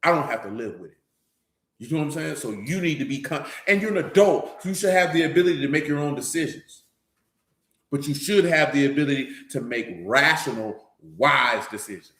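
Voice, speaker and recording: A man's voice: fairly high pitch, animated, brisk, a bit bright. A man preaching a sermon in blunt, scolding street talk, calling his listeners out to their faces. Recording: echoey room.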